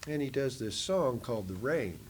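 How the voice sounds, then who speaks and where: A man, a band member, telling stories in a casual oral history interview in a museum, animated at times and dropping soft on sad parts. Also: medium pitch, moderate pace, slight background noise. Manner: animated, acts out quotes in a raised voice.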